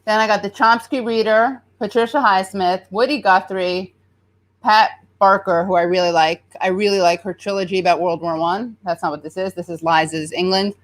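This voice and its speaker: A woman's voice: mid-range voice, steady tone, normal speed. An American woman in her thirties hosting a casual livestream, rambling chattily and reading viewer comments aloud. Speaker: show host.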